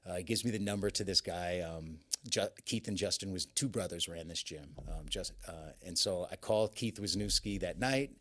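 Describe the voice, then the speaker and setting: Casting: man, lowish voice, animated storyteller who acts out quotes. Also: moderate pace, few pauses. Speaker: guest. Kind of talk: casual storytelling.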